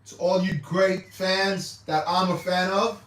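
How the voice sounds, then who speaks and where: A man with a high, slightly bright voice hosts a casual livestream, speaking slowly with fairly even intonation. He rambles, repeats himself and restarts hesitantly, and the mic sits far off in an echoey room.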